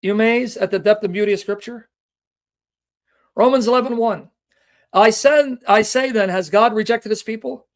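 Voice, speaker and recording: A man's voice: high voice, normal speed, pauses often. A man hosting a livestream Bible teaching, passionate and emotional, speaking straight to his viewers and asking them rhetorical questions. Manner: reads scripture references aloud with rhetorical questions. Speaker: Bible teacher and show host.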